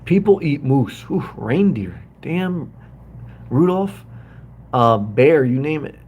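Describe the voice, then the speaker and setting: A middle-aged man who lives in a hotel hosts a casual livestream from his room, rambling and greeting viewers by name as he reads their comments. His slow, expressive voice sits on the high side, a little mellow and slightly rough.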